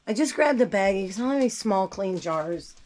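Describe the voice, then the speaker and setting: Her mid-range voice is expressive, a little fast, and darkish in tone, though her cold leaves it below its best. The gardening vlogger brews tea in her kitchen, giving a casual how-to chat to the camera, blunt and full of self-deprecating asides.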